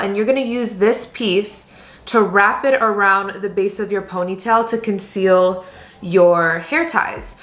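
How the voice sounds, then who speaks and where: A young beauty vlogger chats casually through a get-ready-with-me hair and makeup tutorial in a room at home, upbeat and full of product recommendations. Her voice is medium-pitched and a bit bright, and the room is echoey.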